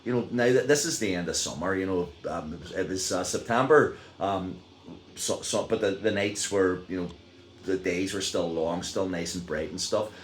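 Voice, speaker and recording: A middle-aged Northern Irish man tells a story in a loose, rambling way, full of fillers and restarts. His voice sits very low, and the room around him sounds echoey. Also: normal speed, a little hiss or hum. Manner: rambling, many fillers and restarts, chuckles while telling. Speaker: vlogger. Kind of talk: casual storytelling.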